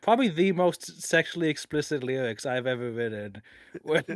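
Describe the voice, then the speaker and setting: A man's voice: on the high side, animated, no room sound, studio quality. A man hosting a casual podcast interview, full of fillers and restarts, often chuckling. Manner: halting, filler-heavy, chuckling. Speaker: podcast host.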